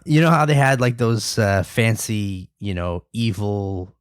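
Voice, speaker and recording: A man's voice: fairly low pitch, unhurried, clean tone, no echo, studio quality. A man hosting a casual gaming podcast, joking and steering the chat. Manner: playful, wraps up segments. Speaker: podcast host.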